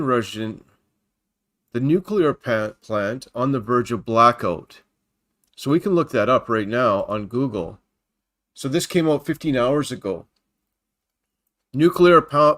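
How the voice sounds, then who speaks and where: A man's voice: mid-range voice, a bit bright. A man hosting a casual Christian livestream from home at his computer. He rambles as he reads news off the screen and greets viewers by name. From Canada.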